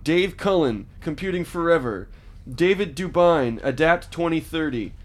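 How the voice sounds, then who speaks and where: A man's voice: on the high side, expressive, normal speed. A man hosting a comedy podcast, reading out a list with wry asides in casual chat. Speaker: podcast host.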